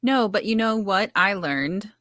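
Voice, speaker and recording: A woman from Wisconsin with a light Wisconsin accent, co-hosting a casual podcast chat with wry, deadpan quips. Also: mid-range voice, a little slow, dry recording. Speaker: podcast co-host.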